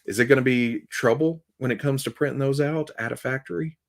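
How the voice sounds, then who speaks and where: A man's voice: medium pitch, a little fast. A man with a Southern US accent, hosting a live show and chatting casually with his viewers, rambling, chuckling often and poking fun at himself. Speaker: podcast host. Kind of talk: casual livestream chat with viewers.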